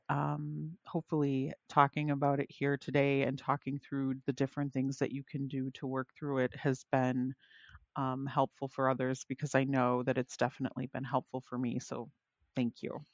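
A woman's voice: extremely low pitch, little pitch movement, normal speed, darkish tone, no echo, lo-fi sound. Hesitant woman podcast host. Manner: hesitant, searching for words, many fillers. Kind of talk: casual podcast chat.

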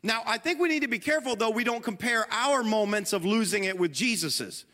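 A middle-aged male pastor with a fairly high voice tells a story in a sermon, joking at his own expense and turning to the congregation as he talks. His voice rings out with a long reverb, as in a large hall. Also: animated, fairly quick, bright, forceful tone. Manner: storytelling, self-deprecating humor, addresses the congregation and his wife.

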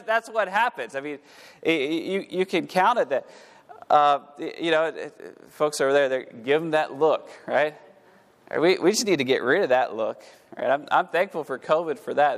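A man preaching a sermon in a church, reading scripture in old-fashioned wording and then explaining it, often repeating words as his delivery builds. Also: on the high side. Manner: repeats words while rising to fervent emphasis. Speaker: pastor. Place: church sanctuary. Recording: echoey hall.

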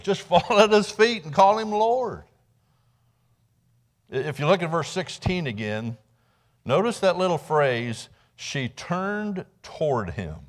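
Man preaching a conversational sermon. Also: fairly high pitch. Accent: Midwestern American. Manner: conversational storytelling, dramatic acted quotes; repeats words when restarting. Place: church sanctuary.

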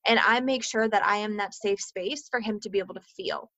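A woman's voice: medium pitch, steady tone, brisk, hardly any pauses, pushed and bright, no room sound, muffled recording. A woman in her thirties speaking candidly to listeners about co-parenting, earnest and full of "like" fillers, swearing freely. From Minnesota, US.

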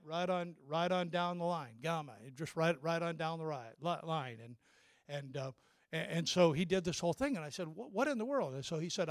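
Older man, pastor, sermon, high voice, dry close sound, storytelling, repeats himself. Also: no room sound. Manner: storytelling, repeats words and restarts often.

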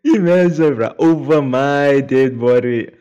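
A young man co-hosting a podcast, an excitable storyteller who laughs often in casual banter. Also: medium pitch, a little slow, smooth, highs cut off. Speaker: podcast co-host.

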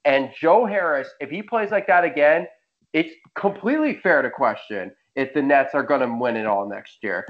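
A man's voice: on the high side, expressive, normal speed, muffled recording. Emphatic young man ranting on a podcast. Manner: emphatic, roasting rants. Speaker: podcast host. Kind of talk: casual sports podcast chat.

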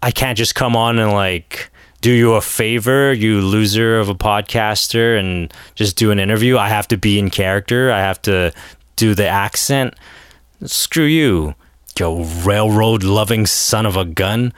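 A man's voice: fairly low pitch, measured pace, clean tone, dry recording, studio quality, lightly acted. A man voicing a brash young female spy who mocks and insults a podcaster. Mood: scornful. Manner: insulting, dismissive.

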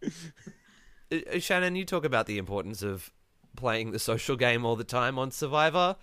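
A man's voice: mid-range voice, animated, normal speed, pushed and bright, dry recording. A man hosting a podcast, casually recapping a reality show with wry, dry asides. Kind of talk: casual chat.

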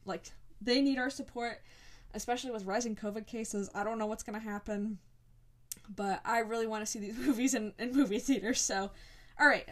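Chatty young woman podcaster rambling excitedly. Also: fairly high pitch. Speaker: podcast host. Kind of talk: casual solo episode talk.

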